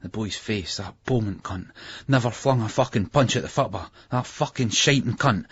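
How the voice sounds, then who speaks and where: A man reads a novel in the first person, gritty and raw. His voice is husky and low. The recording is muffled and lo-fi. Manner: gritty, raw delivery with heavy swearing. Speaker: audiobook narrator.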